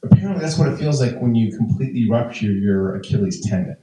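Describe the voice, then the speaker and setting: A man's voice: mid-range voice, lively intonation, fast, very noisy. A man in his fifties telling stand-up stories in a chatty, rambling way, full of fillers and restarts. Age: 50s. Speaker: stand-up comedian. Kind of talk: stand-up storytelling. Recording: echoey room, voice from a distance.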